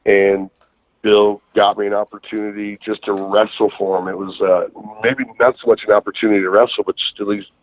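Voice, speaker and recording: A man's voice: fairly low pitch, little pitch movement, fairly quick, dry recording. A man, a guest wrestler, telling rambling, profane stories with many fillers in a casual interview, calling in by phone. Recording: tinny phone line.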